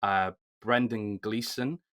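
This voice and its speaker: Animated man hosting a film chat. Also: on the low side, slow pace. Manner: animated, rising sharply when emphatic. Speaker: podcast host. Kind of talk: casual discussion.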